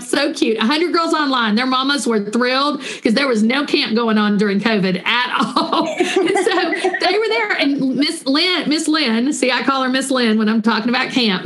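Animated counselor woman, higher voice. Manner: animated, warm storytelling with quoted voices; guides listeners through a breathing exercise. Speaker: Christian counselor and author. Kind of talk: interview answers.

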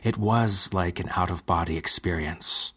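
A man narrating a dark fantasy story in a steady, measured way, with a husky voice. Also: low voice. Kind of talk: scripted narration.

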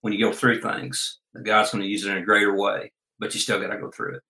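Bright-voiced folksy man. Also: on the low side, little pitch movement, fast talker, vocal fry. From Oklahoma, USA. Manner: folksy, homespun and earnest. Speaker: guest. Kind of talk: storytelling interview chat. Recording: roomy echo.

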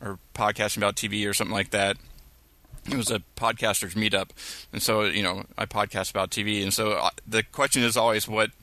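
Low-voiced rambling male podcaster. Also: level tone, fairly quick, bright, forceful tone, dry recording. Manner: rambling, heavy on fillers. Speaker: podcast co-host. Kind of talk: casual chat.

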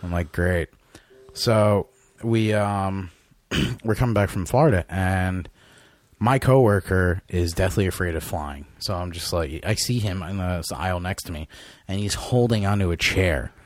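A man's voice: sits low, a little slow, no echo, studio quality. A man, co-hosting a podcast in casual chat, sounding sick and telling stories with lots of swearing. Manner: swears a lot, animated storyteller. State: sick, deep-voiced. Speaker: podcast co-host.

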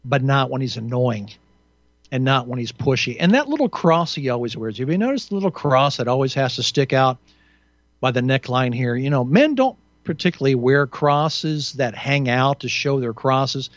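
A man's voice: mid-range voice, animated, moderate pace, dry recording, muffled recording. Indignant rambling male radio host. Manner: rambling, indignant and sarcastic, with frequent restarts and fillers. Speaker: radio talk show host. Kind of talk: solo radio commentary.

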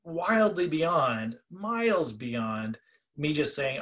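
Male podcast co-host and trainer, mid pitch, conversational storyteller. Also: normal speed, fairly bright tone. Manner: storytelling, acts out quoted callers.

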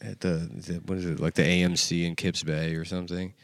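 A man's voice: low voice, little pitch movement, brisk, no room sound. Rambling, swearing guy telling a story. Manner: profane, rambling storytelling with many fillers. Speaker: comedy podcast host. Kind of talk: casual chat.

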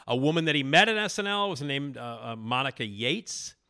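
A man hosting a podcast, casually retelling a TV backstage story with animated emphasis and frequent fillers. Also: medium pitch, a little fast. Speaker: podcast host.

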